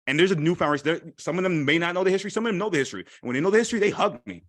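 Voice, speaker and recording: A man speaking candidly at a live event, animated and repeating phrases for emphasis. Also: high-pitched, very fast, no room sound, clean studio sound. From Haitian heritage. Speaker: panel speaker. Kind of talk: candid personal talk.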